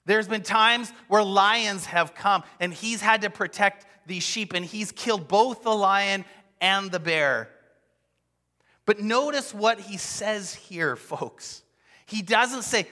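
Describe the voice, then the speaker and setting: Male preacher, slightly high and bright voice, lively storytelling sermon, echoing church hall. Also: takes it slowly. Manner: expressive storytelling, acting out quotes. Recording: long hall reverb.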